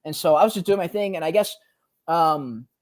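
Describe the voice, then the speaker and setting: A man in his twenties, co-hosting a podcast, telling a personal story in a casual, animated way, full of slang like "bro" and "like.". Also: on the high side, normal speed. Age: 20s. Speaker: podcast co-host.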